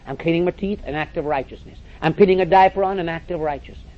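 At a quick pace and with a slightly high voice, a man gives an emphatic, direct sermon, repeating phrases and urging listeners to listen. He speaks to an audience in a church or meeting hall, captured in a dull, lo-fi recording.

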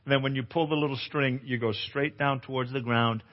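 A male pastor giving a testimonial sermon at a conference, an animated storyteller who acts out dialogue and exclaims loudly. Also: medium pitch, a little fast. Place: conference hall. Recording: echoey hall, dull lo-fi sound.

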